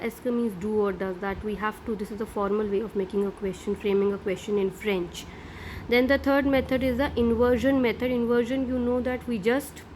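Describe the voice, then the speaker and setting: A woman's voice: a little high, a little mellow, slight background noise. A middle-aged woman teaching a French grammar lesson, explaining patiently step by step and checking in with "right?".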